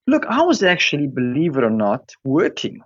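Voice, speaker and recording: A man's voice: on the high side, huge pitch swings, moderate pace, a bit bright, dull audio. A man, a sports journalist guest, talking in an easygoing, informative way in casual chat. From South Africa. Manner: easygoing, informative, often opens with "look".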